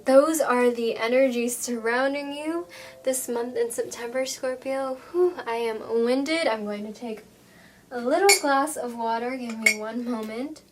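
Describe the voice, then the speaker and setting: A woman giving a gentle, reassuring tarot reading to her viewers, with frequent pauses and fillers. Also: on the high side. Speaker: tarot reader.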